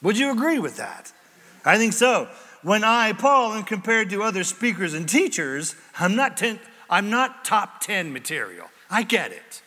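Male pastor, high lively voice, bright tone, jokey sermon delivery. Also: a little slow. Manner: animated, jokey, acts out quoted voices. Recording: echoey hall.

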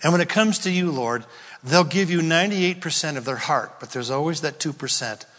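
A male pastor preaching a sermon, emphatic and swinging between loud declarations and hushed whispers. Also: on the high side, animated, fairly quick, big-room sound.

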